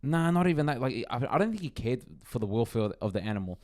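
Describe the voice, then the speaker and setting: A man telling a story in a casual podcast chat, animated, repeating his words. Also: mid-range voice, quick pace. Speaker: podcast co-host.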